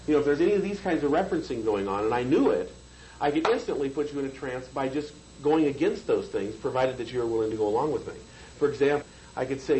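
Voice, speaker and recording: A man's voice: mid-range voice, animated, fast talker, warm tone, slight background noise, rough recording. A man teaching a hypnosis seminar, lecturing conversationally and checking in with the room. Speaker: hypnosis trainer.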